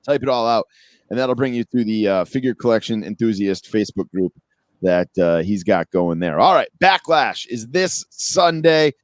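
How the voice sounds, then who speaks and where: A man co-hosting a podcast, talking casually and joking in quick asides, with a light western Massachusetts accent. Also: fairly low pitch, animated, dry recording. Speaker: podcast co-host. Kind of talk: casual chat.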